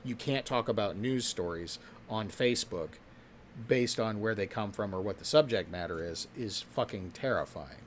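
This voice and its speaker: A man's voice: on the low side, normal speed, slight background noise. A man in casual podcast talk, blunt and crude. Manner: blunt and crude, swears freely. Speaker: podcast co-host. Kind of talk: casual chat.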